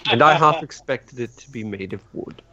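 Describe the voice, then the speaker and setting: A man's voice: mid-range voice, lively intonation, moderate pace, muffled recording, crowd noise. A man co-hosting a casual podcast, throwing in teasing quips.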